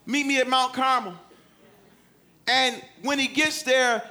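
A man preaching a sermon, swinging from loud, dramatic calls to quiet, low scripture reading. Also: steady tone, takes it slowly, pauses often.

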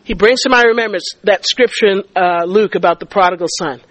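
A woman's voice: medium pitch, fairly quick, poor audio. A middle-aged woman giving a faith testimony and teaching, telling her story vividly and acting out the dialogue. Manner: animated storyteller who acts out dialogue and stammers in excitement. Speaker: speaker teaching a faith group.

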